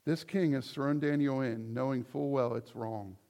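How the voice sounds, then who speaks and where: A male pastor preaching a sermon, animated, acting out quoted voices as he teaches. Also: mid-range voice, moderate pace.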